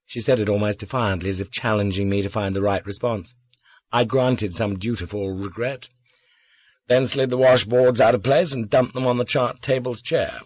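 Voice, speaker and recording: A man's voice: fairly low pitch, a little fast, breathy edge, no room sound. Dry, wry male audiobook narrator. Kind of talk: first-person scripted narration. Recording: dull lo-fi dry recording.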